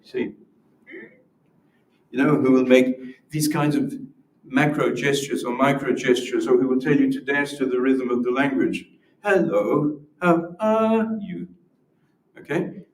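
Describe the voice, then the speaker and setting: The speaker is a man with a medium, level voice at normal speed, delivering an academic lecture with demonstrations at a symposium. He's patient and often restarts what he's saying. Sound is roomy and distant.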